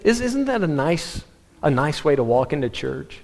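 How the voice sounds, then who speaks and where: A man's voice: fairly high pitch, moderate pace, gravelly. Man preaching in a reverberant hall. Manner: animated storytelling, self-interrupting restarts. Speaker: pastor. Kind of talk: sermon. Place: church sanctuary.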